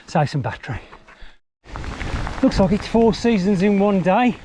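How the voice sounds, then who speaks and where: A man's voice: sits high, animated, unhurried, long pauses, mellow, slight background noise. A man chatting casually while mountain biking outdoors, breezy and lightly swearing. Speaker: mountain bike vlogger. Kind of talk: casual vlog commentary while riding. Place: outdoors on a bike trail.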